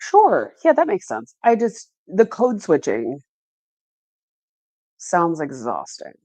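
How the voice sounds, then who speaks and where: A woman co-hosts in easy conversation, listening closely and jumping in with her own stories. Her voice sits a little low, and the sound is dry and close. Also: huge pitch swings, takes it slowly, mellow, no room sound. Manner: engaged, responsive listener. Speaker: podcast co-host. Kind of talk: casual chat.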